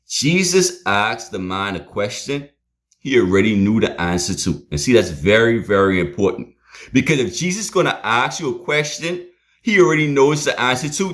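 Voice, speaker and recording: A man preaching a sermon in a plain street voice, swinging between loud emphatic points and low hushed asides.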